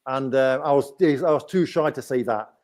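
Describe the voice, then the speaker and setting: A host from England with a Nottingham accent runs a casual livestream chat, rambling and often asking "right?". His mid-range voice has a darkish tone and moves at normal speed.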